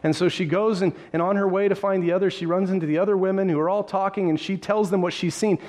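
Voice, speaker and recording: A man's voice: sits high, steady tone, fast talker, darkish tone. Storytelling male preacher. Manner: vivid retelling with frequent restarts; addresses listeners directly. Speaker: pastor. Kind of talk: sermon storytelling.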